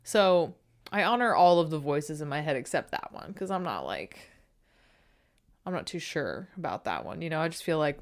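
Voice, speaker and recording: A woman hosting her podcast, chatty and self-deprecating, swearing freely and a bit low on energy. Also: sing-song, normal speed. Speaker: podcast host. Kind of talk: casual solo podcast intro.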